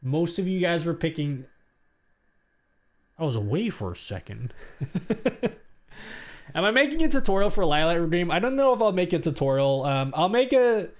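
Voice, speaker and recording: A man's voice: fairly high pitch, big pitch swings, moderate pace, long pauses. A young man live-streaming from home into a desk microphone, reading chat messages aloud and answering them in a casual, rambling way with frequent restarts. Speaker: livestreamer.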